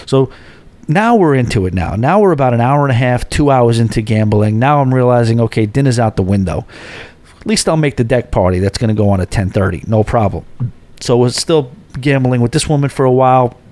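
Animated man telling a story on a podcast. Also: mid-range voice, no echo. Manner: animated, quick restarts and asides. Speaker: podcast host. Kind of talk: casual storytelling.

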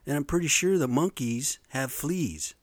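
A man in his fifties tells personal stories in a casual, rambling, profane way, often tacking "man" onto his sentences. His voice is on the high side and unhurried, with no room sound.

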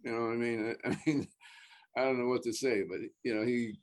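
A man's voice: medium pitch, steady tone, fast talker. A man chatting casually as a guest actor, starting over and repeating words, swearing offhand. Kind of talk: casual podcast chat.

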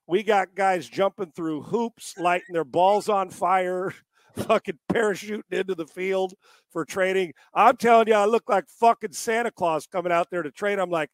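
A man's voice: sits high, moderate pace, dry recording. A man who trains quarterbacks, telling stories in a casual, exasperated way and swearing freely as he mocks gimmicky training. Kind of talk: casual profane storytelling.

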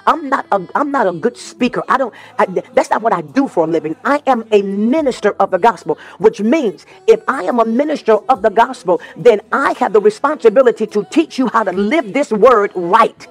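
High-pitched and husky, this minister of the gospel speaks expressively and briskly with hardly any pauses, faint music behind him. His sermon is informal and built on personal stories, with repeated phrases for emphasis and occasional sung lines.

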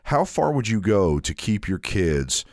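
A man's voice: lowish voice, sing-song, measured pace, no echo, clean studio sound. A man hosting a podcast, telling a story in a casual, rambling way with frequent restarts. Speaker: podcast host.

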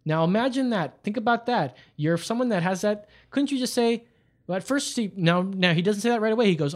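A man's voice: sits high, expressive, a little fast. A man hosting a podcast in casual chat, talking bluntly and retelling events by quoting what others said. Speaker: podcast host.

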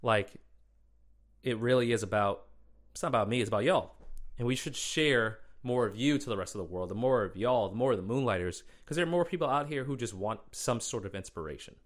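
A man's voice: medium pitch, lively intonation, brisk. A man from Minnesota hosting a podcast, telling a story in loose, chatty talk and often calling people "man" and "bro". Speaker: podcast host. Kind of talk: casual solo storytelling.

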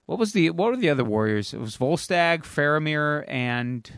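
A man's voice: a little high, sing-song, normal speed, a bit bright, smooth, no room sound, clean studio sound. A man co-hosting a podcast, casually retelling a comic-book story with lots of fillers, restarts and swearing. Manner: rambling plot recap with fillers and swearing. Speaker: podcast co-host. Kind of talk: casual chat.

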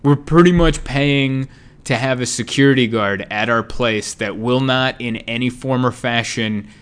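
Man, podcast host, casual solo rambling, wry and self-deprecating, medium pitch. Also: a little slow, fairly bright tone, clear, resonant tone.

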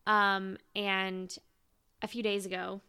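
A young woman co-hosts a fan podcast and recounts her stories in an animated, emotional rush, with "like" threaded all through them. Her voice is bright and crisp, with a gravelly fry at the ends of phrases. The recording is close and dry. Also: medium pitch, takes it slowly, no room sound. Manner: animated, emotional storytelling full of "like". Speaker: podcast co-host. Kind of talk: casual chat.

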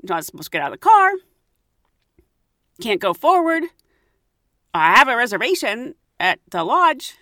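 A woman's voice: fairly high pitch, very animated, normal speed, long pauses, sharp tone, no echo, clean studio sound. A woman casually telling a travel story, acting out the voices of the people in it and laughing often.

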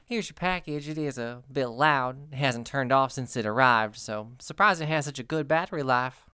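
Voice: medium pitch, normal speed, bright, forceful tone, clean tone, close to an everyday voice. GM putting on a drawling Southern drag queen. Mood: sassy hospitable. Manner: drawling, folksy, uses y'all. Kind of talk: tabletop game character voice.

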